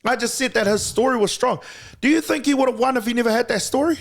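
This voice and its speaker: A New Zealand man with a high-pitched voice talks as a podcast guest. He is blunt and animated, and he swings his pitch wildly whenever he acts out what other people said. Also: fast talker, creaky. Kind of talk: casual podcast conversation.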